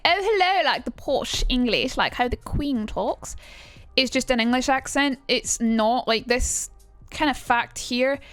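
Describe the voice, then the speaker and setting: A woman's voice: on the high side, fairly bright tone, dry recording. A young Scottish woman teaching on a casual livestream, chatty and blunt, swearing freely. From Scotland. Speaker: streamer.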